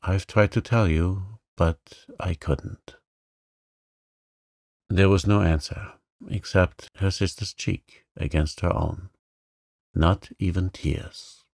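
A man narrating a classic novel as a calm sleep story, slow and soothing, on a close microphone. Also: sits low, creaky, no echo.

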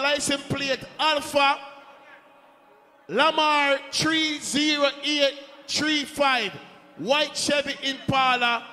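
A man making a shouted, repetitive public announcement over the mic at a dance. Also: extremely high pitch. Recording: echoey hall.

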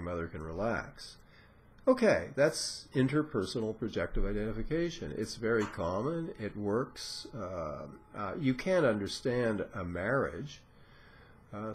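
A man giving an informal lecture, explaining step by step with frequent pauses and filler sounds. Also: low voice, slight background noise. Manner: explanatory, unhurried, many "uh" and "um" pauses; acts out patient dialogue in a raised voice. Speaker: lecturer on psychoanalysis.

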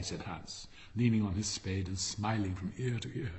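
A man's voice: sits low, moderate pace, creaky, hardly any pauses, a little mellow. Man reading a storybook aloud. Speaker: audiobook narrator.

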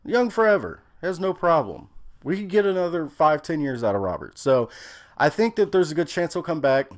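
A man's voice: fairly high pitch, big pitch swings, normal speed. A young man giving a casual, opinionated movie review, rambling with frequent fillers.

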